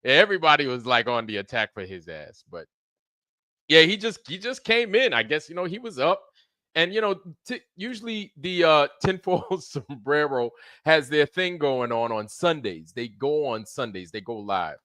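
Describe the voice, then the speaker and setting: Male stream host, crisp bright voice, dry booth sound, rambling and salty. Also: on the high side, lively intonation, normal speed, no room sound. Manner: profane, rambling, laughs often. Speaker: livestream show host. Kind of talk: casual chat.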